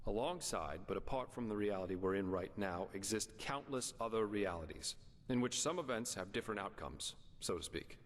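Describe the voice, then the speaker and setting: An actor as a wry game mercenary, dry and frank, lively pitch, long reverb. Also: male voice, normal speed, close to an everyday voice. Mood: explaining. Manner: dry, wry, matter-of-fact.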